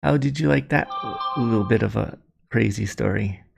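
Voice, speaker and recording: A man with a heavily gravelly, creaky voice, spinning a rambling spooky tale straight to camera. His telling is casual and loose, full of asides. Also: on the low side, normal speed, music in the background. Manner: rambling and conversational. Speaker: storyteller. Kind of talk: casual spoken storytelling to camera.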